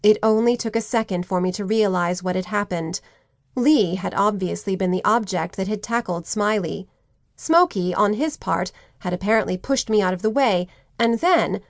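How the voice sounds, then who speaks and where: A woman reading a teen novel aloud in first person, steady and clear. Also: mid-range voice, no room sound, clean studio sound. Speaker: audiobook narrator. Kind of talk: scripted first-person narration.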